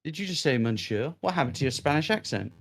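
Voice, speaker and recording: A man's voice: on the high side, expressive, fast talker. A man voicing an earnest young male bird assistant in a game playthrough, curious and easily impressed. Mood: surprised. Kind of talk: reading game dialogue aloud.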